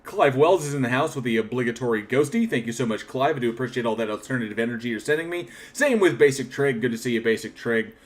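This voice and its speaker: Speaking quickly with hardly any pauses, a man with a mid-range voice hosts a livestream and thanks his viewers one by one in casual shoutouts. He frequently restarts his sentences and reflects candidly on his channel.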